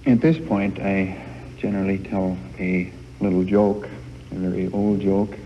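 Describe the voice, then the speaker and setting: A man giving a frank family life lecture to a live group, folksy and halting, recorded on worn old reel-to-reel tape in a hall. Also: sits low, fairly even intonation, dull audio, a little hiss or hum. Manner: folksy, halting with many uh fillers.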